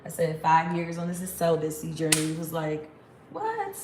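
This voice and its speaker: A woman's voice: low-pitched, monotone, fairly quick, reverberant, background noise. A woman in her thirties chatting casually to a phone camera, rambling and laughing often. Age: 30s. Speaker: vlogger.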